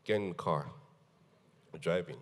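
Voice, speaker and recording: Guy on a panel telling a story, kinda low voice, lots of laughing, hall echo and a bit of hiss. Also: normal speed. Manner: animated, laughing storyteller who acts out quotes. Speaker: guest.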